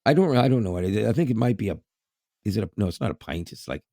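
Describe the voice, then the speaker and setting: A man's voice: lowish voice, animated, very fast, warm tone, no room sound, studio quality. A man, co-hosting a podcast in casual chat, laughing often and repeating words. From Canada. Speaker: podcast co-host.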